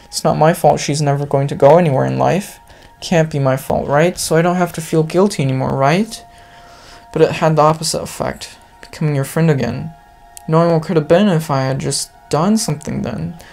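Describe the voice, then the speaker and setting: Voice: mid-range voice, vocal fry, darkish tone, lightly acted. A gamer reading out the lines of a remorseful teenage girl who confesses her love, earnest and apologetic, as visual novel dialogue.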